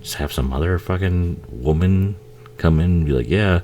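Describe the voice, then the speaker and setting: A man giving a casual, profane movie commentary, laughing often and acting out the characters in quick asides. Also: low-pitched, warm tone, a little hiss or hum.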